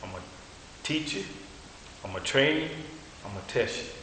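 A man preaching a sermon, telling stories in a colloquial, animated way. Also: mid-range voice, fairly quick, background noise. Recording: echoey hall.

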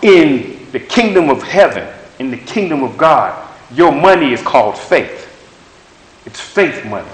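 Emphatic preacher in an echoey room. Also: male voice, mid-range voice, big pitch swings, measured pace. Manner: emphatic, repetitive, conversational preaching. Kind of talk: sermon with prophetic words.

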